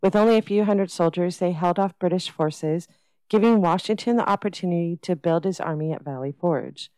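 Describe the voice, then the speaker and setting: Mellow-voiced woman hosting a podcast. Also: lowish voice, fairly quick, no echo, low-quality recording. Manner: reads a prepared script. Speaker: podcast host. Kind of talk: scripted podcast intro.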